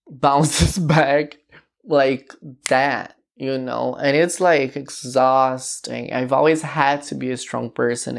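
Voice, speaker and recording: A woman's voice: very deep voice, gravelly. A woman hosting a casual song reaction vlog, chatty and gushing, with lots of fillers. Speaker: vlog host.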